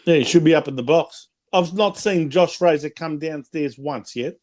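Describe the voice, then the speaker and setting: Higher-voiced man chatting sport. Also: normal speed, a little mellow. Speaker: podcast co-host. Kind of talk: casual sports chat.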